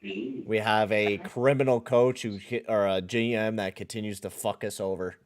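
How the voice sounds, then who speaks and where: A man's voice: fairly low pitch, steady tone, moderate pace. A man from western Canada hosting a casual live hockey play-by-play podcast, swearing and complaining in exasperation. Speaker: podcast host and play-by-play caller.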